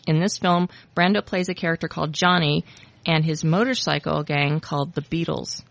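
A woman's voice: sits low, moderate pace, vocal fry. A woman hosting a podcast, chatting casually and reading out trivia in an upbeat, chatty way. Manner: chatty, upbeat, laughs often. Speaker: podcast host. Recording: dull lo-fi audio.

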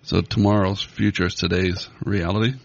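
Wry gravelly man in his fifties. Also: low voice, flat delivery, normal speed. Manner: wry, punning, laughs often. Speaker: podcast co-host. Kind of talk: casual chat. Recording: dull lo-fi dry sound.

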